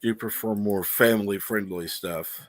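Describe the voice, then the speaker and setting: A man's voice: on the low side, fairly even intonation, normal speed. A man hosting a casual livestream from home, reading viewer comments aloud and swearing casually. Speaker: livestream host. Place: room at home.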